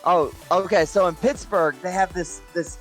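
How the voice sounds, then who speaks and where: Casting: co-player, casual animated storyteller, mid pitch, faint music under. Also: normal speed. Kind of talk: casual gaming chat.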